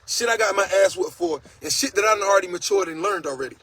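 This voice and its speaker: A man's voice: high-pitched, fast talker, fairly bright tone, breathy edge, rough recording. A man hosting a casual livestream monologue, talking in a blunt, profane and preachy way, reading out viewer comments. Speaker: host.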